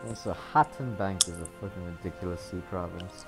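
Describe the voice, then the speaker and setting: A man's voice: deep voice, fairly quick. A man joking and swearing in casual chat with friends while playing a strategy game. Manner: profane, joking commentary. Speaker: game player. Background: game music.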